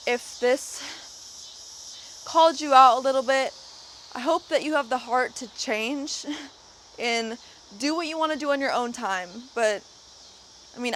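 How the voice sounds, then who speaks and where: A young woman speaks straight to her viewers in a casual vlog. Her voice sits a little higher than most women's, and she talks in an earnest, impassioned way. She often stops, repeats herself and starts her sentences again. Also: fairly bright tone, a little hiss or hum. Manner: earnest, impassioned, with frequent fillers and restarts. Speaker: vlogger. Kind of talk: casual talk to camera.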